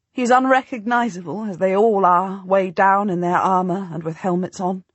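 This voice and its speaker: A woman narrating a historical audiobook in the first person, measured and storytelling. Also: mid-range voice, steady tone, dry recording.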